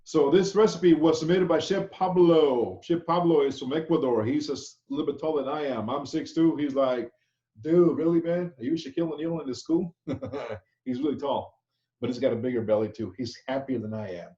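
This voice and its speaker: Warm and medium-pitched, this man talks at a moderate pace as a chef instructor teaching online. He keeps the casual lecture chatty and relaxed, often pausing to ask "okay?" The audio, from a video call, is dull with an echo.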